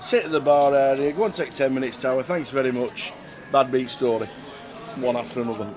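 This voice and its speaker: A man commentating a poker stream, chatting casually and telling stories with lively voices. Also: mid-range voice, a little fast, crowd noise. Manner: chatty storyteller, bursts into loud cheering. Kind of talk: casual chat.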